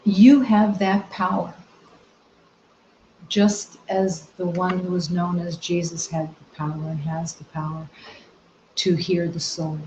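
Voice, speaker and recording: Woman, spiritual teacher, very slow, mellow low voice, gentle and soft-spoken, roomy dull recording. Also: level tone, slight background noise. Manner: gentle, soft-spoken, with long reflective pauses. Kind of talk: slow meditative spiritual talk.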